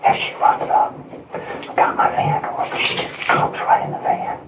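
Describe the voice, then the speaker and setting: A man recounting events in a recorded interview, agitated and rambling, repeating himself. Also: unhurried. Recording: distant, roomy recording with loud noise.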